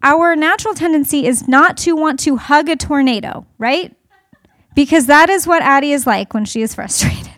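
A woman in her thirties talks to an audience in a high, bright voice, animated and chatty as she tells stories from home. The sound is close and dry, with no room around it. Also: moderate pace, dry recording. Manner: animated storytelling with laughter. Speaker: speaker addressing an audience. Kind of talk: conversational talk to an audience.

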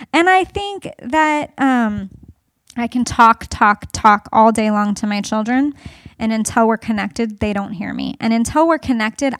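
A woman in her thirties tells family stories to an audience, conversational and animated, with laughter along the way. Her voice is on the high side, recorded at studio quality with no room sound.

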